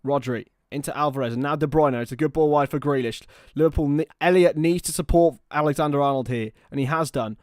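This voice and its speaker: A young man giving live partisan football commentary on a watchalong stream, excitable and prone to shouting. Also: fairly high pitch, fast talker, few pauses, no echo, studio quality.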